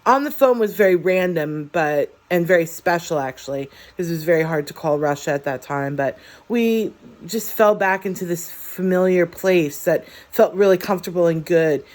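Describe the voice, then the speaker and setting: Low-voiced woman telling a personal story. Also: darkish tone. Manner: halting, heartfelt, with many fillers and restarts. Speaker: vlogger.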